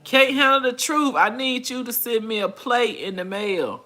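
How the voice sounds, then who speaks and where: A woman in her forties hosts a relaxed livestream, reading viewer comments out loud and chatting in a folksy manner, laughing often. Her voice sits on the high side, with a sharp tone and a normal speed.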